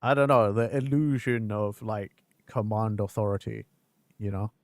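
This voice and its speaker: Chatting openly with his viewers over gameplay, this live streamer curses freely and laughs at his own expense. His voice is fairly low with a level tone and normal speed, and there's no room sound.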